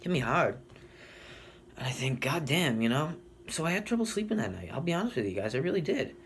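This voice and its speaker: A young man telling a rambling, deadpan comic story in a casual way, full of fillers and swearing. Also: on the high side, fast talker, slight background noise. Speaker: comedic storyteller. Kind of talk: deadpan comedic monologue.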